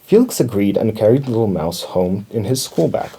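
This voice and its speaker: A man reading a children's storybook aloud in an expressive storytelling manner. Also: on the low side, moderate pace, creaky, slightly rough. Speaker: storybook reader.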